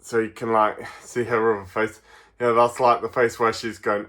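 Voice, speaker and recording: Derbyshire man with a bright, forward voice, casual and giggly, unboxing toys on camera. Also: mid-range voice, level tone. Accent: Derbyshire English. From Derbyshire, England. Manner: chatty, chuckles often, halting with fillers. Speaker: toy reviewer.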